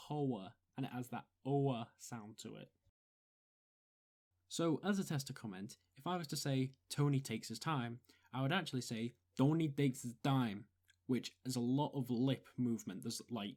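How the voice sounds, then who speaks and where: A man's voice: medium pitch, a little mellow. A man giving step-by-step voice-acting advice in a methodical, instructive way. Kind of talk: explanatory tutorial.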